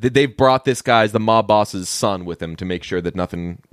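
A man's voice: moderate pace, clean tone, no room sound, studio quality. A man casually recapping a movie plot on a podcast, acting out the characters' lines in a raised voice. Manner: animated storytelling, acting out quoted lines in a higher voice. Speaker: podcast co-host.

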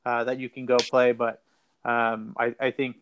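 A man's voice: medium pitch, completely flat delivery, a little slow, fairly bright tone, muffled recording, a little hiss or hum. A man hosting a casual fantasy basketball talk show, rambling and repeating words as he thinks. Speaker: fantasy basketball podcast host. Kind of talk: casual sports betting chat.

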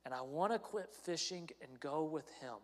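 A man playing a humble fisherman husband who speaks haltingly and earnestly. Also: fairly high pitch, expressive, lightly acted. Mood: earnest, worried. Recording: long hall reverb.

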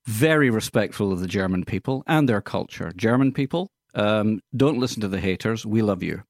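Brief: male co-host of a radio movie show, casual, fumbling fillers, deep voice. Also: expressive. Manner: halting reading with many fillers, stumbling over foreign names. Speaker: radio film-news co-host. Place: radio studio.

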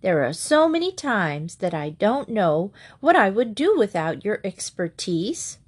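A woman's voice: medium pitch, very animated, unhurried, slightly rough. A woman voicing a kind elderly woman who helps children, in a cheerful, reassuring way.

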